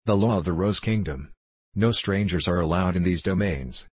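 A man's voice: low voice, normal speed, slightly rough, no echo. A man reading the part of a fussy, officious little male royal gardener in a storybook. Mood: indignant. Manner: indignant, officious.

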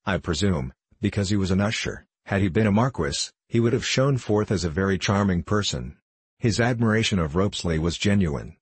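A man narrating a classic novel in a measured literary reading. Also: low voice, slightly rough, no echo. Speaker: audiobook narrator. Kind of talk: scripted narration.

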